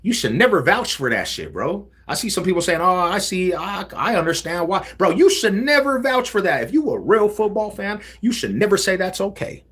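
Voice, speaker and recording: A man hosting a casual livestream, talking in animated street slang. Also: high-pitched, a little fast, hardly any pauses, breathy edge. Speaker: livestream host.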